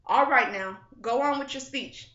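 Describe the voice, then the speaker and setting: A woman's voice: high voice, normal speed, sharp tone, voice pushed up. A woman voicing a small, dry, mustached older man who talks down in a patronizing drawl. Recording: dull, roomy recording.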